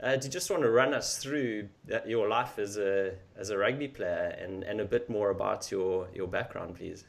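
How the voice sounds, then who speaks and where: A man hosting a podcast, asking questions in a loud, upbeat way. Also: lowish voice, normal speed, creaky, hardly any pauses. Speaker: podcast host. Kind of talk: casual interview questions.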